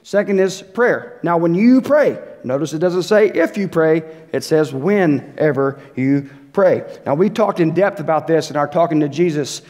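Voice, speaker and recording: A darkish, somewhat high male voice with lively intonation moves at normal speed, barely pausing. As pastor, he preaches conversationally in a church sanctuary, directly questioning the congregation and voicing short quotes, with long hall reverb around him.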